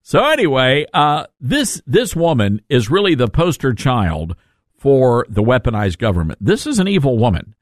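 In a casual talk radio monologue, a male host jokes around and pokes fun at himself. His mid-range voice swings widely in pitch at a moderate pace, and the studio-quality recording has no room sound.

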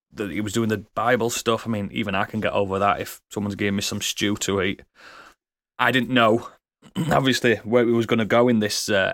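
A man's voice: fairly low pitch, a bit bright, dry recording, studio quality. A man chatting on a podcast, blunt and jokey. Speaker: podcast co-host. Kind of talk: casual podcast chat.

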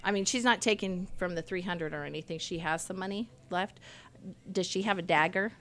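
A woman's voice: lowish voice, brisk, a bit bright, slight background noise. A woman playing a tabletop game, speaking politely and playfully for her gnome character. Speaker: player. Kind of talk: tabletop game role-play.

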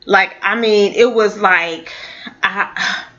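A woman telling a personal story in a casual, halting way, with many fillers and restarts. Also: mid-range voice, bright, forceful tone. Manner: halting, full of fillers and restarts, laughs now and then. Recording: dull lo-fi audio.

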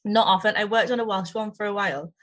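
A woman's voice: medium pitch, steady tone, fast, fairly bright tone. A woman improv performer being interviewed, chatting eagerly and laughing often. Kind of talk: casual chat.

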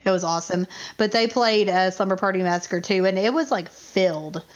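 A woman co-hosting a podcast in casual chat, excitable and quick to rant and laugh. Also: medium pitch. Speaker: podcast co-host. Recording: muffled lo-fi recording.

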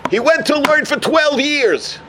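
A man teaching a Torah class as a lively storyteller who mixes in Yiddish and Hebrew terms. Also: extremely high pitch, a little slow, noisy background.

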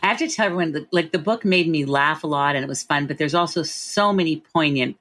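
A woman's voice: low-pitched, a bit bright. A woman hosting an interview, enthusiastic and full of admiring reactions. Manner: enthusiastic, gushing praise and quick reactions. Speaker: host, life coach.

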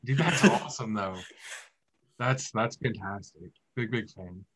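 A man's voice: fairly low pitch, a little slow, noisy background. A man co-hosting a podcast, chatting casually and reacting with short, easygoing replies. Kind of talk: casual chat.

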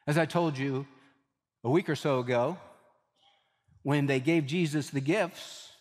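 A male pastor delivering an emphatic sermon, repeating key phrases and slowing down for weight. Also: a little high. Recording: long hall reverb.

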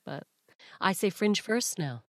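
A young woman from Canada, a comedian guest on a podcast, joking and chatting in an animated, rambling way. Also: medium pitch, measured pace, no room sound, clean studio sound. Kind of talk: casual chat.

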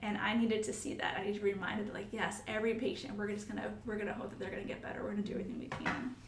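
A woman's voice: mid-range voice, flat delivery, rapid-fire, slight background noise. A woman who hosts a podcast and works as a nurse, talking earnestly and with feeling. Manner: earnest, emotional, acts out quoted coworkers. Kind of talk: heartfelt podcast conversation. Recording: roomy sound from a distance with faint ambience.

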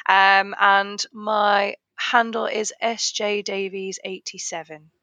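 A woman's voice: medium pitch, level tone, takes it slowly, bright, forceful tone, no echo, lo-fi sound. A woman teacher and author as a podcast guest, talking with enthusiasm and often restarting her sentences. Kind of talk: podcast interview.

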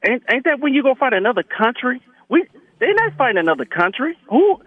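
A male caller on a phone-in show, arguing his opinions in an animated way with many fillers. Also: very high voice, brisk, no room sound. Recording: tinny phone line.

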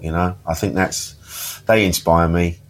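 A man's voice: deep voice, steady tone, measured pace. A man, a podcast guest telling funny stories in casual chat, laughing often and swearing freely. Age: 50s. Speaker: interview guest.

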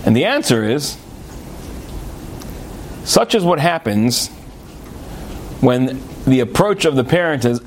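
A man teaching a Torah lesson as a rabbi, telling stories in an animated way and acting out the characters. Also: mid-range voice, a little slow, long pauses, a little hiss or hum. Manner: animated storyteller, acts out the characters.

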